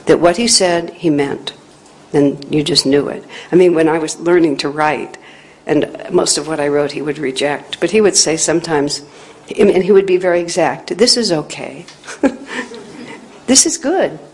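A woman teacher telling a personal spiritual story in an earnest, reflective way, growing animated when she quotes others. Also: deep voice, normal speed, low-quality recording. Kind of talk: storytelling talk.

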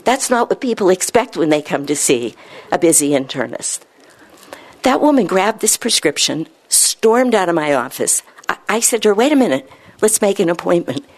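A woman internist telling a story from her practice, acting out the dialogue with lively quoting. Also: on the low side, moderate pace. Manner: animated, acts out quoted dialogue. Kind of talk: storytelling talk.

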